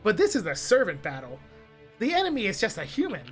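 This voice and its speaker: A woman streamer reading a visual novel aloud, animated and quick to break off into jokes and asides. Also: mid-range voice, soft background music. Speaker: streamer and narrator.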